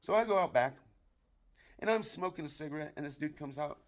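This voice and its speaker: An American man with a voice on the high side, speaking a bit quickly, tells raunchy jokes in a foul-mouthed comedic story. His barroom delivery is dry and matter-of-fact.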